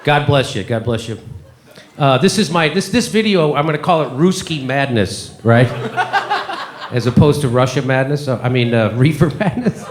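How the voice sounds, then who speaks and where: A man's voice: medium pitch, very animated, moderate pace, slight background noise. A male comedian hosting a live show, ranting sarcastically with lots of swearing at an audience. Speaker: comedian host. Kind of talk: live stand-up commentary. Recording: echoey live room with crowd.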